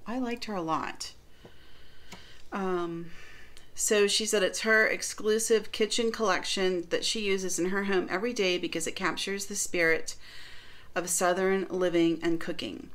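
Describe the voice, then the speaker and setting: A woman's voice: medium pitch, a bit bright. A middle-aged woman from the northern United States, chatting casually through a baking demo and product review with lots of fillers. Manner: chatty, rambling, many fillers. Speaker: baking vlogger.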